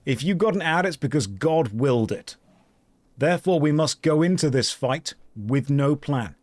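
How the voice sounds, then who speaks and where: A man live-streaming an online game, chatting casually with his viewers and joking in a deadpan way while reading their messages aloud. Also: fairly high pitch, normal speed, no echo.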